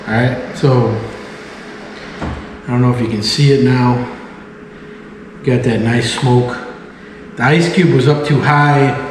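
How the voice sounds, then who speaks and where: A man casually chatting and joking to himself while he makes a smoked cocktail at home. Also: medium pitch. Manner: chatty, jokey, talks to himself while working. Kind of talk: casual talk while demonstrating. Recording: echoey room audio with long reverb and faint hiss.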